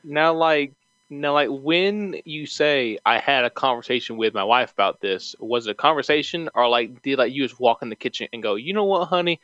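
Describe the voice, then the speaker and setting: A man's voice: medium pitch, normal speed, a bit bright, dry recording, dull audio. A man co-hosting a casual podcast chat, rambling with many filler words. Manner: rambling, lots of "like", laughs easily. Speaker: podcast co-host.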